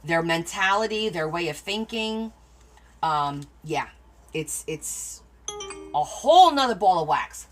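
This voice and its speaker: A woman's voice: fairly low pitch, lively intonation, takes it slowly, faint music behind. A middle-aged woman hosting a crafting livestream, chatting casually with viewers and answering their comments as she tells stories. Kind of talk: casual chat with live viewers.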